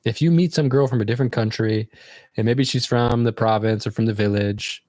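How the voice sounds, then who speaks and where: A man's voice: medium pitch, fairly even intonation, a little fast, a little mellow, a little hiss or hum. A man hosting a livestream, chatting casually in a loose, rambling, reflective way. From United States. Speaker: livestream host.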